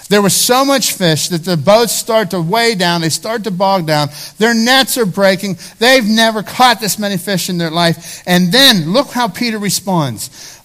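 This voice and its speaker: A man's voice: high voice, fairly bright tone. A male pastor preaching a sermon. He speaks emphatically, repeats phrases for stress and talks straight to the congregation. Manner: conversational, addresses the congregation directly.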